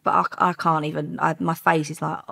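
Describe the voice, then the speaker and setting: A low-pitched woman with a gravelly, husky voice tells her story in an interview. She talks bluntly and candidly, a former undercover officer with frank language. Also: level tone, fairly quick, fairly bright tone.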